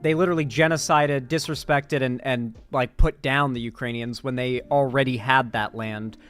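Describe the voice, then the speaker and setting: A man's voice: medium pitch, fairly even intonation, normal speed, a bit bright, clean tone. Casual streamer man, faint music behind. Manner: casual, rambling, reacts to chat. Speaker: political commentary streamer. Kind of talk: live stream chat reading.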